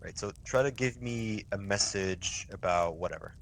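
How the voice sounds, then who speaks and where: A man's voice: fairly low pitch, moderate pace, vocal fry, a little hiss or hum. A young man running a casual milsim signals training, talking loosely and swearing, with many restarts. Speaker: milsim instructor.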